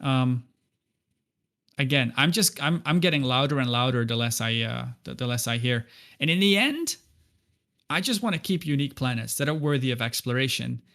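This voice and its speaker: A man's voice: medium pitch, lively intonation, normal speed, vocal fry, a bit bright. A man talking as a guest on a podcast. He speaks earnestly in a casual conversational way and often stumbles and repeats words as he restarts.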